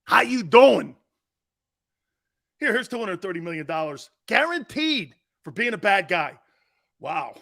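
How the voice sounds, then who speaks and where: A man's voice: sits high, very animated, normal speed, bright, forceful tone. A man hosting a sports talk show, ranting in a mocking, combative way and laughing at his own jokes. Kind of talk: brash sports talk rant.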